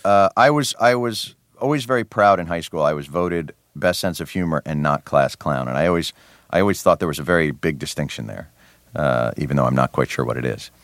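A man from New Jersey, a guest in a radio interview, talking with a wry, sardonic edge and lots of quick restarts. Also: a bass voice, fairly bright tone, no echo, clean studio sound. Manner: many restarts and fillers. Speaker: interview guest, comedy show host.

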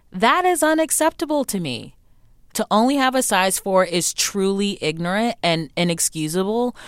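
A young adult woman talking candidly as an interview guest, emphatic and animated, acting out what other people said to her. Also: medium pitch, clean tone, no echo, studio quality. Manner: animated, emphatic, acts out quoted remarks.

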